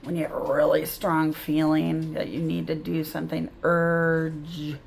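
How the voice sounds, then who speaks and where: A middle-aged woman tutors reading, slowly and patiently sounding out word endings one at a time. Her voice sits a little low for a woman, and she takes her time over every word. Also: monotone, vocal fry, slight background noise. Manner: slow, patient, sounding out words aloud. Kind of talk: phonics lesson to camera.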